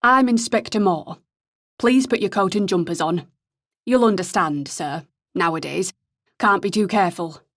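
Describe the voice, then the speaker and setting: A woman's voice: medium pitch, normal speed, few pauses, no echo, clean studio sound, lightly acted. Woman voicing a courteous northern police inspector. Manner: pleasant, courteous, firm. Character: older heavily built male police inspector, northern English.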